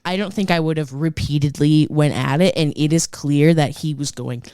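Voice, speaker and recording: Rambling, animated woman telling a story. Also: deep voice, moderate pace, smooth, no room sound, clean studio sound. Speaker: podcast co-host. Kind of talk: casual storytelling chat.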